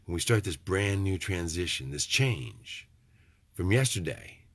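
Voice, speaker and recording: A man's voice: sits low, animated, measured pace, no room sound. A middle-aged man, rambling in a folksy, preachy vlog monologue with joking asides. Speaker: vlogger.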